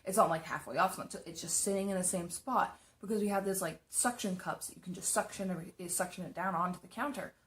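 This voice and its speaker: A woman's voice: lowish voice, fast, few pauses, a bit bright. A young woman chatting casually as she tells a story while doing her makeup, rambling with lots of fillers and restarts. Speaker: makeup vlogger.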